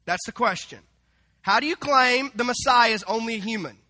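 Male pastor, high bright voice, lively storytelling sermon with playful acted-out quotes. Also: normal speed. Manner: animated, acts out quoted voices with humor.

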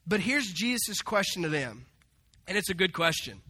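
A man preaching a sermon, animated and humorous, acting out the people in the story. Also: sits high, normal speed. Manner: animated, acts out quoted voices with humor. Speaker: pastor.

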